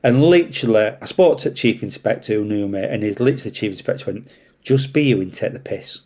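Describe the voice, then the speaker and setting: A man with a Yorkshire accent, a traffic police officer telling a story in casual chat, animated and swearing freely. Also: lowish voice, a little fast. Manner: animated, swears freely, acts out voices in anecdotes.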